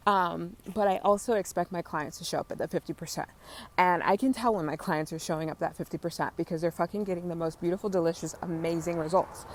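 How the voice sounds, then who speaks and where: A young adult woman with a slightly low voice hosts a spiritual coaching podcast, talking in an effusive, motivational, freewheeling way. She swears casually and stays chatty. She records while walking outdoors through a neighborhood. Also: fairly even intonation, fast talker, a little hiss or hum. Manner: effusive, swears casually, coos high at cats.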